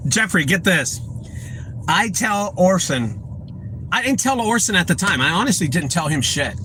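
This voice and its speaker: A man's voice: fairly high pitch, noisy background. A man telling a story about his junk removal business, blunt and emphatic, repeating his key points and acting out what people said. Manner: acts out quoted dialogue in his telling. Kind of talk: storytelling vlog.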